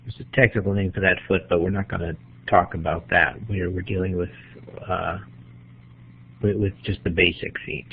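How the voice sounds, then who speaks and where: A man's voice: low-pitched, little pitch movement, moderate pace, gravelly, a little hiss or hum. A man teaching a poetry lesson, thinking aloud while he marks up a poem with a pen. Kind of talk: poetry lecture. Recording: tinny phone-like sound.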